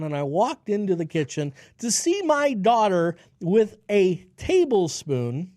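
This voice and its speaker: A man's voice: fairly high pitch, darkish tone, no room sound, clean studio sound. A man in his forties hosting a health radio show, reading news headlines and breaking into sarcastic, ranting asides. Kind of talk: solo health news commentary.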